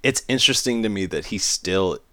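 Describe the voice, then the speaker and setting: A man's voice: lowish voice, expressive, brisk, a bit bright, no echo, clean studio sound. A man co-hosting a podcast, chatting casually about a film in a laid-back way. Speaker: podcast co-host.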